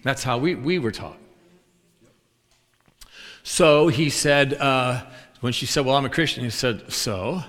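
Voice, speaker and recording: A man's voice: medium pitch, slow pace, pauses often. A male preacher telling a story in a sermon, acting out the voices of the people in it. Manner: animated storyteller acting out both sides of a dialogue. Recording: long hall reverb.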